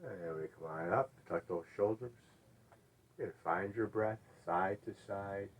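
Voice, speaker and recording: A middle-aged man with a fairly low voice talks a class through gentle chair yoga. He cues each stretch and breath in an easygoing way. His words often drop to a soft, quiet murmur between instructions. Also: unhurried, breathy edge. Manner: gentle, relaxed cueing with frequent quiet "all right"s.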